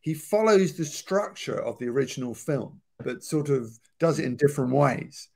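A man's voice: mid-range voice, lively intonation, moderate pace, creaky, a little mellow. A man who writes about film, giving thoughtful, explanatory commentary on a movie over a remote video call.

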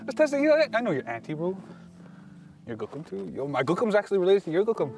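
High, lively young man joking around. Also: quick pace. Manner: joking, laughing, jumpy shifts between loud and mumbled. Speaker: vlogger. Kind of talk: goofy casual banter.

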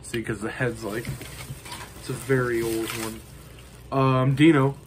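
A man chatting casually to the camera in a show-and-tell vlog. He rambles along, filling his pauses with ums and you-knows. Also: medium pitch, steady tone, background noise. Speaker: vlogger showing his collection.

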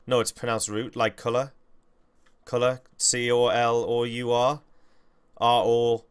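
A man's voice: medium pitch, completely flat delivery, a little slow, smooth. A young man, hosting a game livestream with rambling, self-correcting, jokey commentary. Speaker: gaming livestream host.

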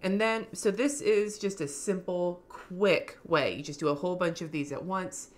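A woman vlogger giving a casual, slangy craft tutorial, cussing freely, her voice going a little hoarse. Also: fairly low pitch, fairly even intonation, normal speed.

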